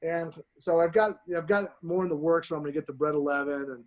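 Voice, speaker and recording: A man guesting on a podcast, telling stories in a casual chat, swearing constantly and talking with excited emphasis. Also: fairly high pitch, fast.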